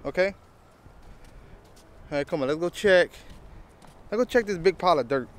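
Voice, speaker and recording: A father vlogging outdoors beside a drained pond with his young daughter, excitable and coaxing. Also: high-pitched, normal speed. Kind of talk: casual outdoor vlog.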